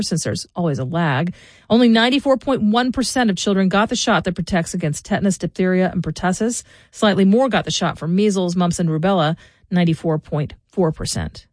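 A woman hosting a local morning radio newscast in a measured, clear delivery. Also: lowish voice, no echo, clean studio sound. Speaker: local news host. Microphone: studio mic.

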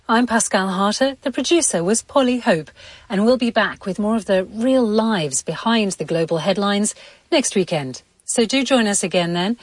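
A woman hosting a radio programme, closing it with a clear, formal sign-off. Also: medium pitch, no echo. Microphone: studio microphone.

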